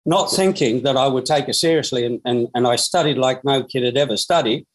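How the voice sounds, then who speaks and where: An Australian man in his sixties, a former footballer, tells his story in an interview, lively and full of restarts and fillers. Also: mid-range voice, brisk, low-quality recording.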